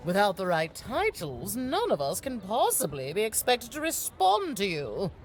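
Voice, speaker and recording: A woman's voice: mid-range voice, wildly swooping pitch, moderate pace. A woman playing a snobbish, haughty noblewoman in a video game, lecturing in a disdainful manner. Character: snobbish noblewoman obsessed with titles. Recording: game audio with music behind.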